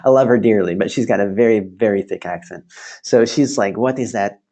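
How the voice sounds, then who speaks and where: A male instructor giving a virtual class, telling a story in an animated, chatty way and laughing often, over a video call. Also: on the low side, fairly quick.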